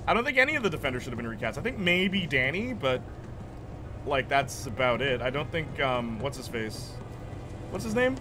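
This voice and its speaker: A man's voice: mid-range voice, big pitch swings, moderate pace, noisy background. A young man streaming a video game, rambling casually and answering chat, laughing often. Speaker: gaming streamer. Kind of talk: casual chat while playing. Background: game music.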